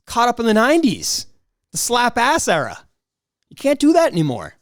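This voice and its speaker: A man hosting a solo podcast, rambling in a casual, excitable way with frequent restarts and mock outrage. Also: very high voice, normal speed, no echo, studio quality. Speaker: podcast host.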